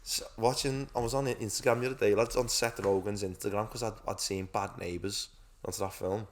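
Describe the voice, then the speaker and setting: A man's voice: lowish voice, steady tone, a little fast. A young man in his twenties co-hosting a podcast in casual chat, swearing often and calling his friend "lad". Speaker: podcast co-host. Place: studio set with a couch.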